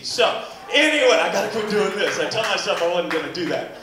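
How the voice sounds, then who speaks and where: A man's voice: high voice, brisk. A man performing a rambling stand-up comedy set, acting out his own exclamations. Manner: animated, rambling storytelling with acted-out exclamations. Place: club stage with audience. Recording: echoey club room with crowd.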